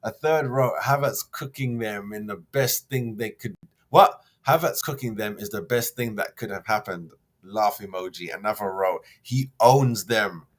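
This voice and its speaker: Man, husky, rough voice, slangy, heated rant, host. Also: lowish voice, normal speed. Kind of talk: reading a news article then ranting about football.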